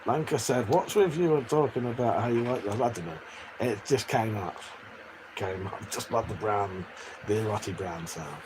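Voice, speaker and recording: A man from England chats casually and crudely on a live stream in a fairly low voice at normal speed. He reads out chat messages and laughs often, with faint background noise.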